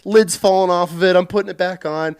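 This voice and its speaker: A man hosting a casual podcast, telling lively stories and swearing freely as he acts out shouted quotes. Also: high voice, a little fast, clean tone. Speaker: podcast host. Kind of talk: casual storytelling chat.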